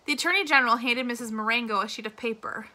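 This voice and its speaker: A woman's voice: a little high, quick pace, bright, forceful tone. A woman reading a novel aloud, giving the characters their own voices. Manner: reads dialogue with character voices. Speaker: reader.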